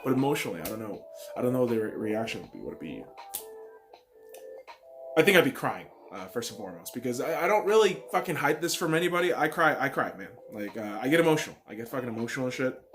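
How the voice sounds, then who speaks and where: A man hosting a casual solo football podcast, excitable and profane, swinging from loud bursts to quiet mumbles. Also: medium pitch, fast, faint music behind. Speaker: podcast host.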